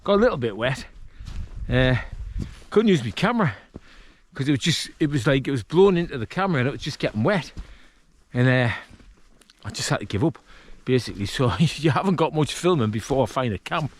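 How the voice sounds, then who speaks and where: A man of ordinary pitch talking to a handheld camera outdoors on a wet hillside near water at dusk. He rambles in a chatty, self-mocking way, throwing in small jokes and asides as he goes. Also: big pitch swings, fairly quick. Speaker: vlogger. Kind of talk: casual outdoor vlog talk.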